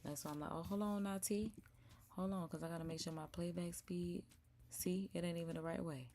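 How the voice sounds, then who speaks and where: A young woman hosting a casual live stream from home, chatting to viewers as y'all and sometimes dropping to a soft whisper. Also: lowish voice, flat delivery, brisk, slight background noise. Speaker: live-stream react host. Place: indoors at home.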